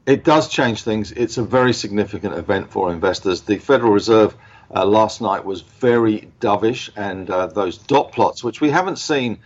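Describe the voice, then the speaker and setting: Man, deep-ish voice, confident market commentary, muffled lo-fi line. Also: normal speed. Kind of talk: interview commentary.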